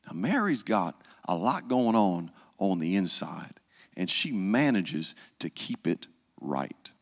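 A man's voice: deep voice, sing-song, slow pace, big-room sound. A man, preaching a sermon in a conversational storytelling manner and often asking "right?". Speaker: pastor.

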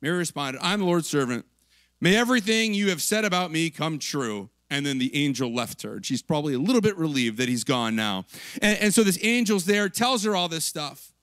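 High, bright-voiced chatty male pastor. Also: very animated, fairly quick, no echo. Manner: chatty, lots of "like" and "right?", acts out quotes with laughs. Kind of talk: casual conversational sermon.

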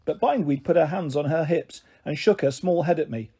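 A man reading a children's book aloud in an expressive way. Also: a little high, a little fast, slightly rough. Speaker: storyteller.

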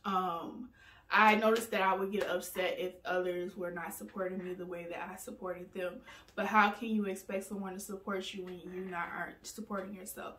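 A woman talking casually and candidly in a personal vlog, laughing often and pausing with "um"s. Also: mid-range voice, little pitch movement, fairly bright tone, recorded from a distance, slight background noise. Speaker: vlogger. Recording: roomy sound, mic set back from her.

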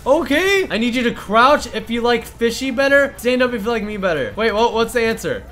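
Hyper guy hosting a fortnite-style fashion show, teasing everyone, yells a lot, really bouncy voice. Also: very high voice, a little fast, soft background music. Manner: excitable, teasing, bursts into playful shouting. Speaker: gaming YouTuber hosting an in-game fashion show. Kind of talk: excitable gaming commentary.

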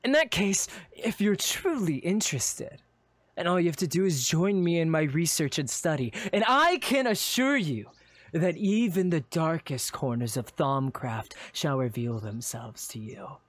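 A man's voice: a little high, lively intonation, measured pace, no room sound. A man voicing a grand, persuasive cloaked male mage in a live roleplay. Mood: coaxing. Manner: theatrical, coaxing.

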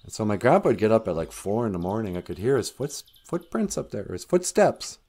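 A man's voice: on the low side, sing-song, fairly quick, dark tone. Chatty, chuckling middle-aged male storyteller. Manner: chatty and chuckling, with frequent restarts. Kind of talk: casual spoken storytelling.

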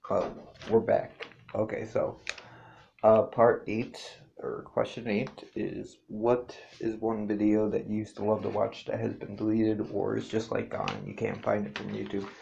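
A man talks through a casual vlog with a low, gravelly voice. He rambles and swears freely and keeps circling back to correct himself. The recording is dull and lo-fi. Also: little pitch movement, a little slow, dark tone, a little hiss or hum. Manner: rambling, loose and profane, with many fillers and self-corrections. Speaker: YouTuber answering a tag questionnaire.

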